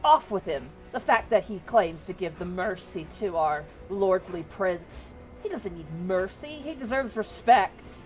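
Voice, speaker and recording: A woman voicing a gruff, dismissive male duergar guard in a tabletop game. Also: medium pitch, animated, measured pace, few pauses, faint music behind, natural voice. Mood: grumbling.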